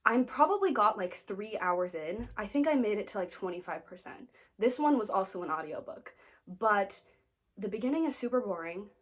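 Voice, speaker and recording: Brief: American woman, book vlogger, chatty and snarky, mid-pitched voice. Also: expressive, normal speed. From United States. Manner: chatty, lots of "like" fillers, playfully snarky. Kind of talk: casual reading wrap-up chat.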